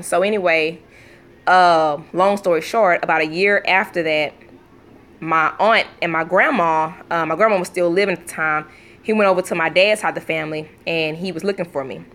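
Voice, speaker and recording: A woman casually telling a storytime vlog at home, acting out quotes with sudden pitch jumps and breaking off to talk to her young children. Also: a bit bright. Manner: talks to her toddlers between story bits. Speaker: vlogger.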